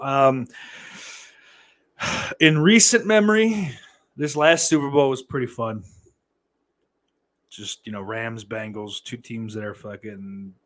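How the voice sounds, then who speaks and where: A man from the United States hosting a casual livestream, reading the chat aloud and rambling with lots of fillers and cursing. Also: medium pitch. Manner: profane, rambling, with many fillers and mock outbursts.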